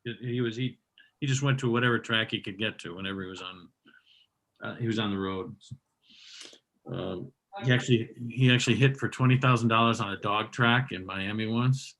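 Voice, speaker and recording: Middle-aged male comedy host, bright tone, rowdy teasing banter. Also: lowish voice, a little fast, rough recording. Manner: loud, laughing, teasing banter.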